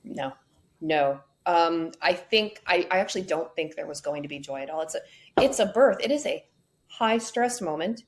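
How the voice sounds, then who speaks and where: A woman's voice: lowish voice, expressive, normal speed, low-quality recording. A woman tells her story frankly in a conversational interview. She mixes plain facts with wry asides. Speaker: podcast guest.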